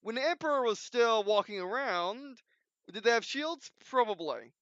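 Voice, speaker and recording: A man with a high, clean, smooth voice talks unscripted, circling back on himself with restarts and "um"s. The recording is dull and lo-fi but dry, with no room sound. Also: lively intonation, normal speed, a bit bright, no room sound. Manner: rambling, many restarts and fillers. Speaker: video host. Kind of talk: unscripted casual commentary.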